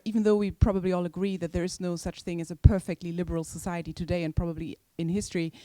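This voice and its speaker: Mellow-voiced woman journalist asking. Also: lowish voice, dry recording. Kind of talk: spoken audience question.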